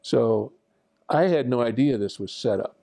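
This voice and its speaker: Recounting his wartime experiences, a veteran military pilot, now an older man, rambles through a self-deprecating story with fillers and restarts. He speaks unhurriedly at a medium pitch in a warm, creaky voice.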